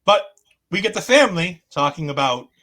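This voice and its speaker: A man with a high voice recaps eagerly on a podcast. He tells things like a story and slips into quoting others as he goes. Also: fairly quick. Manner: animated storytelling, acts out quotes. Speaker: podcast co-host. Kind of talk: casual wrestling recap chat.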